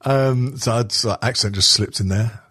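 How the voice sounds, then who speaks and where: A man's voice: mid-range voice, moderate pace, pushed and bright, slightly rough. A man hosting a casual podcast, reading a list aloud with constant swearing and jokes. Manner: swears constantly, jokey, laughs often.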